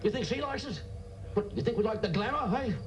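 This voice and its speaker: Play as a man a gruff, bossy ship's sewage worker who scolds the crew, a high voice that swings lower on every jab, over a noisy sketch soundtrack. His tone is blunt and lecturing. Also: animated, fast talker. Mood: scolding. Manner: blunt, scolding, drops his voice low on insults.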